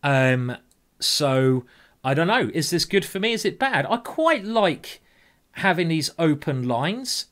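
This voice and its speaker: A man's voice: on the high side, very animated, slow pace, fairly bright tone. A man streaming blitz chess, thinking aloud in a chatty, self-mocking way and talking to his viewers. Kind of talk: live-stream commentary while playing blitz chess.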